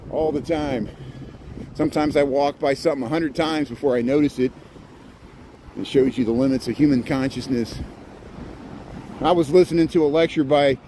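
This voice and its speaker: A man's voice: fairly high pitch, mellow, slight background noise. A man chatting casually to his live-stream viewers as he walks outdoors through city streets, rambling and reading out their comments. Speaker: live-streaming walking vlogger.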